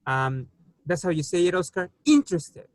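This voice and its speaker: A native-speaking English teacher runs an online class, patiently and slowly explaining the answers to his students with frequent pauses on fillers. His voice is a little high for a man, recorded close and dry without room echo.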